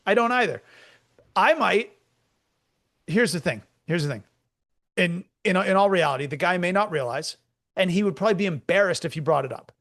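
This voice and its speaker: A man co-hosting as a comedian, talking in a rambling, joking, animated way in casual chat. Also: high-pitched, moderate pace, pauses often. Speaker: comedian co-host.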